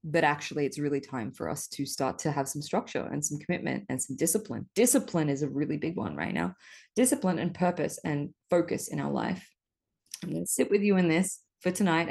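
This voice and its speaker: A woman's voice: low voice, gravelly, a little mellow. A woman hosting a solo podcast, talking casually and animatedly about her spiritual life, swearing often. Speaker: podcast host.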